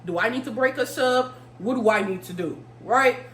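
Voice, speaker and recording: A young woman vlogger telling a story casually, animated and profane, throwing in vocal sound effects. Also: a little high, normal speed. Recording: roomy room with faint hum.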